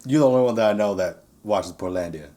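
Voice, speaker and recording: A man's voice: on the low side, fast talker, warm tone. A man hosting a podcast, chatting casually with friends in a blunt, teasing, opinionated way. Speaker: podcast host. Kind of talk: casual chat.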